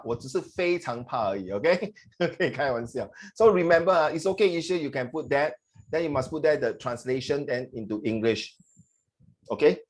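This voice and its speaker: A middle-aged man with a Singaporean accent, teaching a class in a lively way and acting out the voices he quotes. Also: mid-range voice. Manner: animated, switches between English and Mandarin, acts out quoted voices. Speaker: English tutor.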